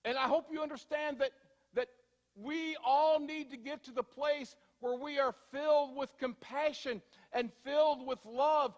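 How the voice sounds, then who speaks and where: A male pastor with a very high voice delivers a sermon, ringing with the long reverb of a church hall. He talks conversationally, slowing for emphasis and hurrying through asides. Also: steady tone, dull audio. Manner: conversational storytelling, shifting from slow emphasis to quick asides. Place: church sanctuary.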